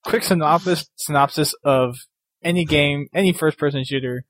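A man's voice: fairly high pitch, normal speed, a bit bright, dry recording, low-quality recording. A man co-hosting a casual gaming podcast, joking, laughing often and reading out listener mail. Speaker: podcast co-host.

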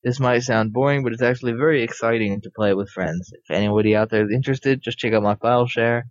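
A man's voice: mid-range voice, no echo, highs cut off. A man co-hosting a casual gaming podcast, reading listener mail with stumbles and restarts. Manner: stumbling, halting reads. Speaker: podcast co-host.

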